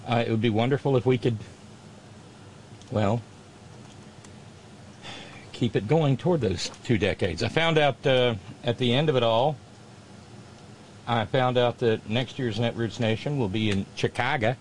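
A man's voice: mid-range voice, unhurried, long pauses, slight background noise. A man hosting his own radio show, talking to listeners in a loose, rambling monologue full of restarts and fillers.

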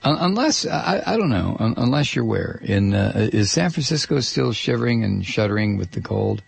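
A man's voice: fairly low pitch, very animated, moderate pace, vocal fry, breathy edge, no room sound. A man hosting a talk radio show, rambling through a sarcastic monologue close to a studio mic. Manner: sarcastic, rambling, mock voices.

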